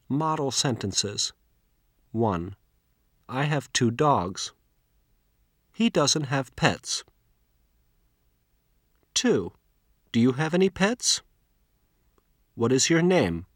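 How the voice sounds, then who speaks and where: A man narrating a scripted English lesson, reading model sentences slowly and with careful enunciation. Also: medium pitch, no room sound, studio quality. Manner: slow, deliberate, carefully enunciated.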